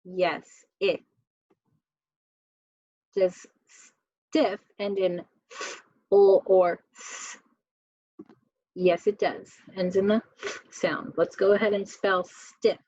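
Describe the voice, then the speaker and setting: A woman teaching a slow spelling lesson, sounding out words and letters one at a time. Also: medium pitch, flat delivery, mellow, dry recording. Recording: dull, dry lo-fi recording.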